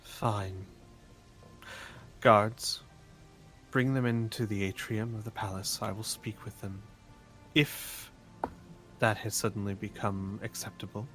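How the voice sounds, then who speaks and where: A man's voice: mid-range voice, lively intonation, slow, music in the background. A man voicing a stern, commanding woman who is a palace official in a tabletop game, speaking in curt, clipped orders. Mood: softened.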